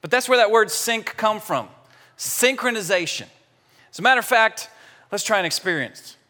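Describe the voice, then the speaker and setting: Brief: high-voiced male preacher, lively, playful with the crowd, reverberant sanctuary sound. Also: moderate pace. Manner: lively, joking with the congregation. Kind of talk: sermon. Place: large church sanctuary. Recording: church hall reverb.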